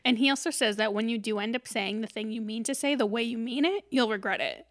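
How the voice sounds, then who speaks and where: A woman's voice: on the high side, dry recording, studio quality. A woman co-hosting a podcast, joking and laughing easily as she recaps a film. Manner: giggly, quick to laugh and joke. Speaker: podcast co-host. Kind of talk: casual chat recapping a film.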